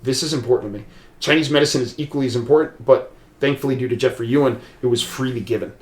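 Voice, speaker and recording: A man's voice: mid-range voice, steady tone, fast. A man telling a long personal story as a podcast guest, loose and rambling, full of restarts and "like". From USA. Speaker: podcast guest, martial arts practitioner. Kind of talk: casual storytelling conversation. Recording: roomy echo.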